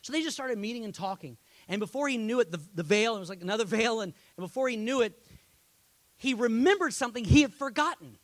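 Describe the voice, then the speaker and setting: High-voiced, impassioned male pastor preaching. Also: lively intonation, quick pace, no echo. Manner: storytelling that swells to loud, impassioned peaks. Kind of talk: sermon.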